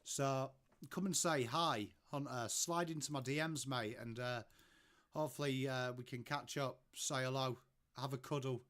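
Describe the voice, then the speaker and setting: Hosting a relaxed watchalong stream from his home, an English man chats with viewers, greeting them by name and reacting to what they write. His mid-range voice is steady and a bit bright, and he talks at a normal speed.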